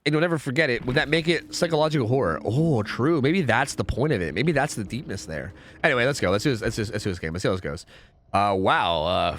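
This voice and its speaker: A young man streaming a game live, chatting with his viewers in a profane, excitable, rambling way. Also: mid-range voice. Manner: rambling with frequent restarts and fillers. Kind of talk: casual live-stream chat while gaming.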